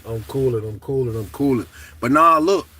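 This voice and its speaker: A middle-aged man telling a story to camera in a casual, profane, animated way, shouting at the high points. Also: normal speed, far from the mic, slight background noise.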